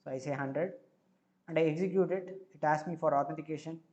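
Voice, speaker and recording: Give me a man with an Indian accent walking through code step by step on a stream, his voice pitched a little high. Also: fairly even intonation, a little fast, a little mellow. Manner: thinks aloud step by step, with frequent filler words. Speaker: live-coding streamer. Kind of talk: live coding tutorial.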